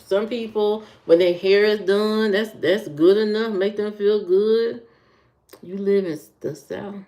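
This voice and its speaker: A woman from the American Midwest hosting a livestream, chatting casually with viewers, repeating herself and answering comments. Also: medium pitch. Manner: chatty, repeats herself, talks to chat by name. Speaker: livestream host.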